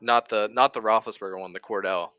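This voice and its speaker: A man's voice: lowish voice, fairly even intonation, a little fast, pushed and bright, smooth, no echo. A man in his twenties talking as a guest in a casual chat, giving short, matter-of-fact remarks.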